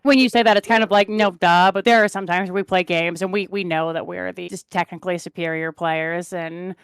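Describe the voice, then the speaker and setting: A woman's voice: on the low side, steady tone, a little fast, clean tone, no room sound. A young woman, an esports caster, chatting casually as a podcast guest, rambling through stories with many tangents. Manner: rambling storyteller, lots of "like" and tangents.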